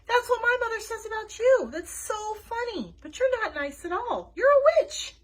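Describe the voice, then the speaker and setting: Excitable troublemaker girl , voiced by a woman, shrill, huge swings. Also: moderate pace. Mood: gleeful. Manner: excitable, loud outbursts. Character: excitable, mischievous little girl.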